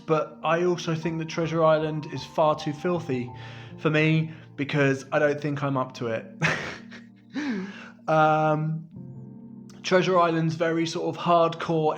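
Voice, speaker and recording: A man's voice: fairly high pitch, steady tone, normal speed, soft background music. A middle-aged man from the UK chatting casually to camera as a vlogger, self-deprecating and laughing often.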